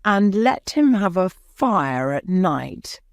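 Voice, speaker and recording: A woman voicing a calm country doctor. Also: lowish voice, slow pace, gravelly, dry recording, studio quality, exaggerated voice.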